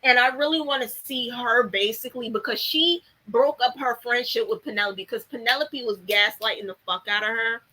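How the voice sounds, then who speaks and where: A woman's voice: on the high side, brisk, hardly any pauses, pushed and bright, rough recording. A young woman chatting casually about a TV show, blunt and full of fillers and swearing. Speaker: TV show commentator. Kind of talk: casual chat.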